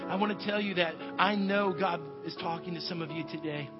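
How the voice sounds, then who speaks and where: High-voiced preacher in a reverberant sanctuary. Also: male voice, brisk, few pauses. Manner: drops to soft whispers for quoted words, rises to loud emphatic preaching. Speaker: pastor. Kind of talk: sermon. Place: church sanctuary. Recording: dull sound with long reverb, soft music behind.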